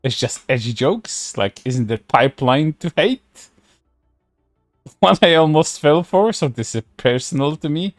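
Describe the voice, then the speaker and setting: A man's voice: a little high, expressive, unhurried, no room sound, clean studio sound. A man streaming casual commentary, reading posts aloud in a sarcastic way, laughing and swearing often.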